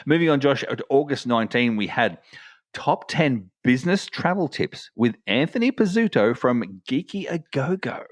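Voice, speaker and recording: A man's voice: mid-range voice, very animated, normal speed, no echo. A man co-hosting a travel podcast in casual chat, rambling with many restarts and fillers. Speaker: podcast co-host.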